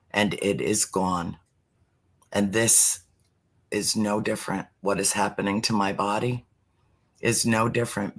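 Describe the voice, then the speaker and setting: A middle-aged man with a lowish voice talks through a sincere spiritual conversation. His pace is slow and deliberate, sometimes easing down to a near-whisper to underline something.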